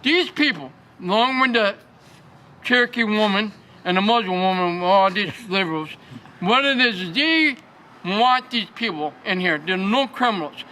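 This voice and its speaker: A man from Schenectady, New York, giving an agitated, repetitive rant in a street interview at city hall, sometimes rising to shouts. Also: sits high, lively intonation, moderate pace.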